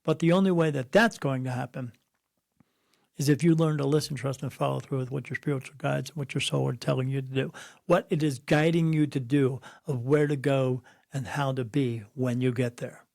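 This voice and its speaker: A man's voice: mid-range voice, steady tone, moderate pace, gravelly, a little mellow, no room sound, clean studio sound. A middle-aged man, a spirit medium being interviewed, telling stories bluntly and preachily and acting out the voices of people he quotes. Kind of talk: conversational interview, storytelling.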